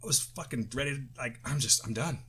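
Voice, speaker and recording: A man's voice: medium pitch, fast, a bit bright, breathy edge. A middle-aged man co-hosting a podcast in casual chat, still getting over the flu, talking loosely with swearing and restarts. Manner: loose, profane, rambling with restarts. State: recovering from flu, tired. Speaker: podcast co-host.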